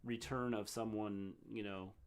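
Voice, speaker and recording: Deep-voiced middle-aged man musing haltingly. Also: fairly even intonation, clear, resonant tone. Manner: halting, restarts sentences, drawn-out musing. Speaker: co-host, wrestling recap. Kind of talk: casual livestream chat.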